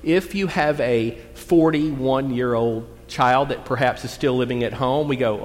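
A man preaching a sermon as pastor, talking in a folksy, conversational way and reading scripture slowly. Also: medium pitch. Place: church sanctuary. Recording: long church reverb.

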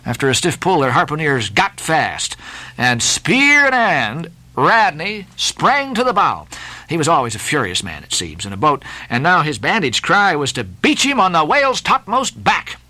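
A man's voice: fairly high pitch, normal speed, dry recording, low-quality recording. A man giving a dramatic, theatrical reading of a classic novel as an audiobook narrator. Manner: expressive, theatrical storytelling.

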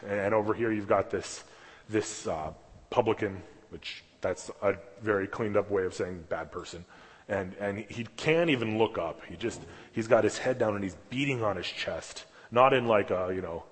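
Husky low-voiced man preaching in a hall. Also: fairly quick. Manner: conversational, with frequent fillers and asides. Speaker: pastor. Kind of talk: sermon. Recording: long hall reverb.

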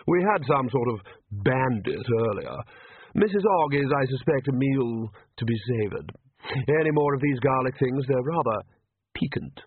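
A man's voice: mid-range voice, animated, no echo. A man voicing a polite, coolly menacing young male vampire, on a tinny phone-like recording. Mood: suave. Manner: slow, smooth and polite. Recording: tinny phone-like dry audio.

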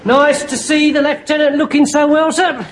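An actor playing a dim-witted, earnest private soldier, slow and plodding, in a studio sitcom. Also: male voice, extremely high pitch, little pitch movement. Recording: hissy TV recording, loud noise. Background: studio audience laughter.

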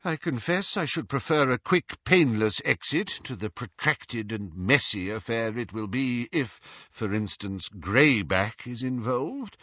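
A gentle, very old wizard headmaster, read by a man in an audiobook. He speaks calmly and wryly, his tone bright and lilting, rising and falling a lot. The dry studio sound is a little dull. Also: medium pitch, breathy edge, no room sound, full character voice. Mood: gently wry. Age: older. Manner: calm, lightly wry, measured. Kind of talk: audiobook character reading.

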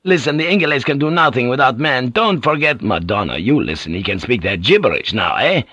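A man's voice: mid-range voice, animated, brisk, pushed and bright, dry recording. A man reading an audiobook, voicing a furious, superstitious middle-aged ship commander who blusters and curses. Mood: raging. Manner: blustering, cursing.

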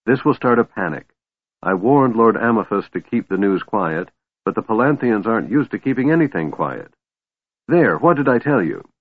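A man's voice: lowish voice, very animated, normal speed, slightly rough, dry recording, voice pushed up. A man voicing a weary, bitter young elf woman commander, sighing through her lines. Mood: tired resolve. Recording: tinny phone-like line, dry.

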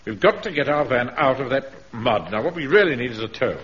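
A man's voice: mid-range voice, lively intonation, a little fast, fairly bright tone, lightly acted. A man playing a pompous, blustering captain. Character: pompous middle-aged male captain, self-important. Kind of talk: 1970s radio sitcom acting. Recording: dull old radio recording with faint hiss.

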